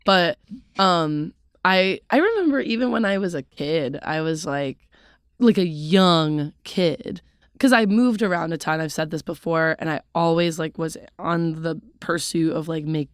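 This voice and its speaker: A woman's voice: low voice, unhurried, smooth, dry recording, clean studio sound. A young woman co-hosting a podcast, chatting casually in a rambling way full of fillers. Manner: rambling, filler-heavy, relaxed. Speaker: podcast co-host. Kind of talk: casual chat.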